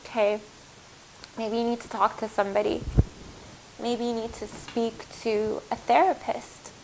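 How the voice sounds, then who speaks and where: A woman's voice: a little high, flat delivery, unhurried, background noise. A woman giving a heartfelt spiritual tarot reading, earnest and reassuring, speaking to viewers as her loves. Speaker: tarot reader.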